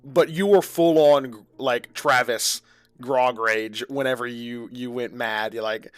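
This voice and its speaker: A man's voice: medium pitch, steady tone, slow pace, clear, resonant tone, no room sound. A man co-hosting a podcast, in a casual chat, joking and reacting with many fillers. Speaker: podcast co-host and tabletop player.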